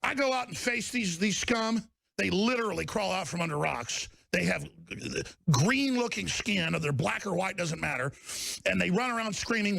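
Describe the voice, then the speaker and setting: A high-pitched, gravelly man rants furiously, his voice cracking up into bellowing shouts. The recording is dry and close, with no room sound. He sounds like a fired-up political commentator. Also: big pitch swings, a little fast, dry recording. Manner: fiery, bellowing, swings into shouts. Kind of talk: angry ranting monologue.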